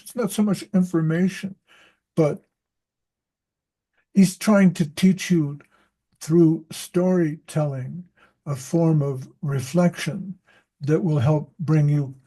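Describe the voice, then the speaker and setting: A man's voice: fairly high pitch, dark tone. A man who teaches reading, talking in a loose, rambling way at a group meeting and often restarting his sentences. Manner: rambling, self-interrupting storyteller. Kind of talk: casual group discussion.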